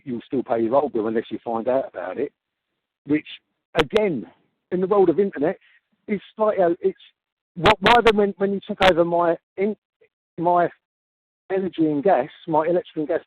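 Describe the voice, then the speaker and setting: A man making a heated complaint on a phone call, halting and repeating himself in exasperation. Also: a little high, lively intonation, gravelly. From Australia. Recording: tinny phone-call recording with hiss.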